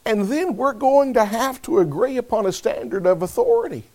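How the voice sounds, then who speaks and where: A man preaching a sermon, speaking deliberately and calling on listeners by name. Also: high-pitched, lively intonation, a little mellow.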